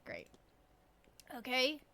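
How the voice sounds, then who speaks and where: Woman streamer, high voice, bright tone, cursing, blunt, excitable, casual game commentary, close mic. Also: extremely slow. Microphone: close desk mic.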